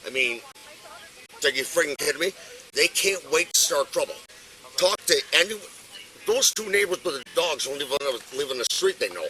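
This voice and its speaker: A man's voice: a little high, expressive, moderate pace, sharp tone, slight background noise, low-quality recording. An older man arguing insistently with police outdoors, caught on a body camera. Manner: agitated, insistent, swearing. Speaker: detained resident. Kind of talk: heated argument with police. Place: outdoors on a street.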